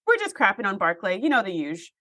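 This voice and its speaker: A woman co-hosting a podcast, recapping an episode in casual chat and telling it in an animated way that acts out quotes. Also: medium pitch, fast talker. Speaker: podcast co-host.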